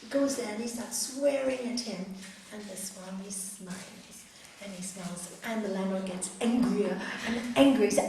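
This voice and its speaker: A woman's voice: mid-range voice, moderate pace, a little hiss or hum. A middle-aged woman yoga teacher telling a spiritual story to a group, acting out the voices of its characters. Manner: animated storytelling, acts out voices. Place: hall. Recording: echoey hall, from far off.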